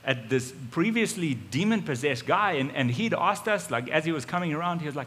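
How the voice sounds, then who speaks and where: Bright-voiced man telling a sermon story. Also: fairly high pitch, a little fast, few pauses. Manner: animated first-person retelling, dramatic shifts in volume. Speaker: pastor. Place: church auditorium.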